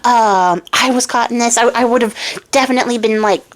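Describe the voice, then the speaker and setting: A woman's voice: fairly high pitch, a little fast, natural voice. A woman doing a flustered grateful owl. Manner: flustered, stammering. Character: rescued, flustered talking owl.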